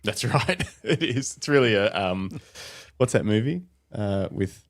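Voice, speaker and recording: An Australian man co-hosting a casual podcast interview, chatty and quick to laugh. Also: on the low side, animated. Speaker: podcast co-host.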